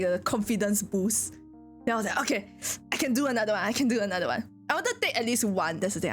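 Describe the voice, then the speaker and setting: A woman streamer chatting casually with her viewers, telling stories with lots of giggling. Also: medium pitch. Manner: giggly, animated storytelling with frequent laughter.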